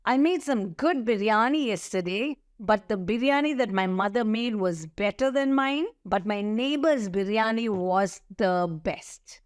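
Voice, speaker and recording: A middle-aged woman teaching an English grammar lesson, slowly listing words and spelling out letters. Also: medium pitch, animated, no echo, studio quality. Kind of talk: slow, deliberate grammar lesson.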